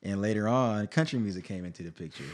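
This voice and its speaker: A man in his thirties, a singer-songwriter guest, telling his life story in a casual interview, animated, laughing often and restarting sentences. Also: lowish voice, fast talker.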